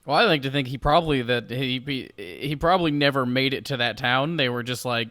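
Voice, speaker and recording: A man's voice: mid-range voice, fairly quick, pushed and bright, no echo. A man co-hosting a comedy podcast, chatting casually and joking around. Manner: joking, riffs with silly put-on voices. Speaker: podcast co-host. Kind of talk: casual chat.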